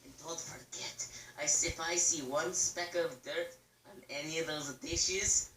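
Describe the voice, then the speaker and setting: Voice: mid-range voice, steady tone, a little slow, sharp tone, far from the mic, a little hiss or hum, rough recording. A performer voicing a bossy, vengeful puppet brother in a fan comedy video, snarling mock threats. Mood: threatening.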